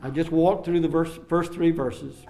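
A man preaching an expository sermon, acting out the quoted lines with swings in loudness and slowing down on key phrases. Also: a little high, fairly even intonation, gravelly. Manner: dramatic, acts out the quoted lines with sharp rises and drops in loudness.

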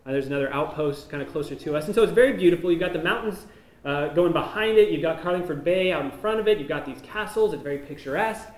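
A missionary man giving an informal slideshow talk, explaining each photo in a relaxed, conversational way. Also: fairly high pitch, quick pace. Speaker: missionary presenting to a church. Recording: echoey room.

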